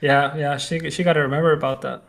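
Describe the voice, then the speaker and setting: Guy cohosting a podcast, gravelly kinda high voice, easygoing. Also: little pitch movement, fast talker, a bit bright. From Poland. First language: Polish. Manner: easygoing, explains patiently, short affirming replies. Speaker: podcast co-host. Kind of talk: casual chat.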